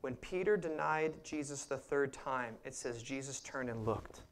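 A male pastor preaching a sermon, passionate and emphatic, swinging between loud bursts and hushed asides, with sarcastic jabs. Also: mid-range voice, a little slow. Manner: sarcastic mock voices for points.

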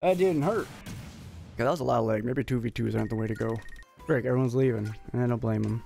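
Male streamer, raspy and gravelly, excitable live gameplay commentary, faint game music under him. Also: medium pitch, quick pace. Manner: excitable, jokey, sudden yelps and laughs while playing.

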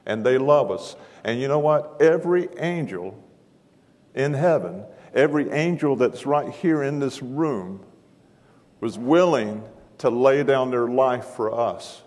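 A man's voice: medium pitch, expressive, unhurried, a little mellow. A man preaching a sermon in a large church auditorium, folksy and self-deprecating in manner. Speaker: guest preacher. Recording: long hall reverb.

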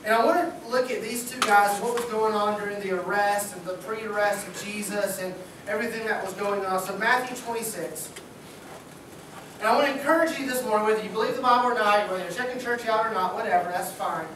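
Man preaching in a booming hall. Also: brisk, noisy background. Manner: casual, joking, talks like a buddy. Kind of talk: sermon. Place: church sanctuary. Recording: echoey church hall from far off.

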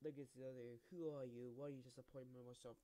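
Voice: mid-range voice, fairly even intonation, fast talker, warm tone. A gamer casually commenting on play, rambling, swearing often and phrasing things clumsily, on a slightly muffled lo-fi recording.

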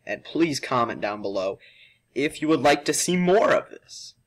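A man's voice: medium pitch, a bit bright. A young male vlogger doing a sugar challenge, worn out and dramatic, coughing and complaining between words. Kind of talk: casual vlog.

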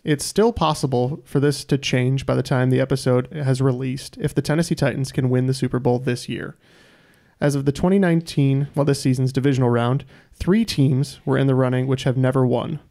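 Gravelly man reading trivia questions. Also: medium pitch, fairly even intonation, fairly quick, dark tone. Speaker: quiz host.

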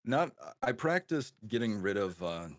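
Appearing as a guest on a laid-back podcast chat, this former radio host with a slight Wisconsin accent rambles through stories, keeps restarting and pokes fun at himself. He speaks unhurriedly in a fairly low voice with big pitch swings. The recording is dry and studio quality.

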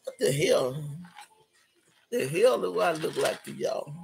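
Gravelly, brash woman livestreamer. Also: low-pitched, animated, slow pace, darkish tone, faint music behind. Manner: brash, profane and laughing. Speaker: livestream host. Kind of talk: reading live chat comments aloud.

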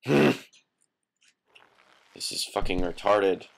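A man's voice: on the low side, lively intonation, slow pace, creaky, background noise. A young man giving casual gameplay commentary, swearing constantly and yelping in frustration.

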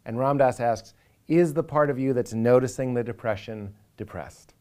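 A man's voice: mid-range voice, normal speed, mellow. A man, a comedian talking earnestly and with animation in a reflective interview, now and then acting out inner voices for a laugh.

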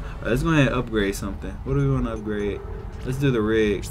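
A man hosting a casual let's-play, reacting with jumpy, excitable exclamations. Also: on the low side, very fast, music in the background. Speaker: gaming video host.

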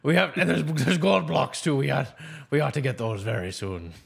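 A man voicing a bossy male pirate captain in pirate slang while playing a game, barking orders in a gravelly voice. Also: mid-range voice, moderate pace, voice pushed up. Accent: put-on pirate talk. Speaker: Minecraft player.

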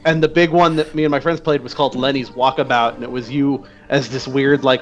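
A man's voice: medium pitch, fairly even intonation, fairly quick, hardly any pauses, highs cut off. A man co-hosting a podcast in casual chat, rambling with many filler words. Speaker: podcast co-host.

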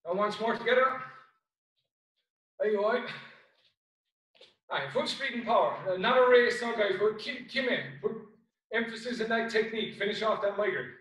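An Irish man teaching a karate class over a video call, calling out commands and counts with brisk shouted cues. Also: high-pitched. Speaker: karate instructor. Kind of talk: online class instruction. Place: home room on video call. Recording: very echoey room, voice far from mic.

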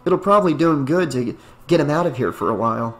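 A man's voice: on the high side, animated, fast talker. A man voicing a blunt, frustrated male caretaker in an audiobook reading.

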